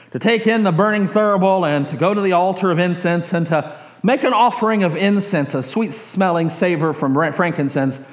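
A man's voice: high-pitched, roomy sound. A man preaching a sermon, telling stories animatedly and acting out quotes with chuckles. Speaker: pastor.

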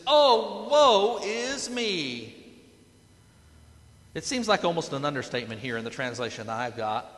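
A man's voice: sits high, bright, forceful tone. A man preaching a sermon, telling the story dramatically and tossing in playful asides. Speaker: pastor. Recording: echoey hall with long reverb.

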